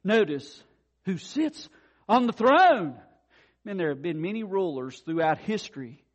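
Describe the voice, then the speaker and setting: A man preaching a sermon, swinging from quiet asides to loud declarations. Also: high voice, big pitch swings, a little slow. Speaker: pastor.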